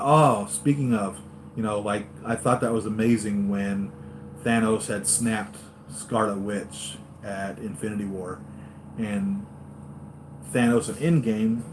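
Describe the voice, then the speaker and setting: A man hosting a live stream for his toy-collector channel, chatting excitedly and going off on tangents, with lots of fillers and restarts. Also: fairly low pitch, background noise. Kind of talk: rambling live-stream fan chat.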